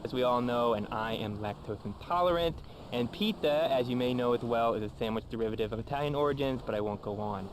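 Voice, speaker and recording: A pompous, self-serious martial arts guru, voiced by a man, lectures loftily as a radio talk show guest. His voice sits at a plain middle pitch. Road noise from the game runs under it. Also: quick pace, close to an everyday voice. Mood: earnest lecturing. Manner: lofty, earnest lecturing.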